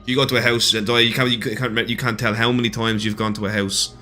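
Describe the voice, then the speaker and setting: A male game master with a bright, forceful voice, explaining a ritual rule plainly. He drops dry asides as he goes. Soft music runs behind him. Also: lowish voice, level tone, brisk. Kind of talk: tabletop game rulings and banter.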